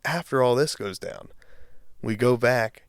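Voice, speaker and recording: A young man co-hosting a podcast, telling a long story in casual chat, swearing freely and getting loud as he relives the anger. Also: medium pitch, measured pace, clean tone, no echo, studio quality. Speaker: podcast co-host.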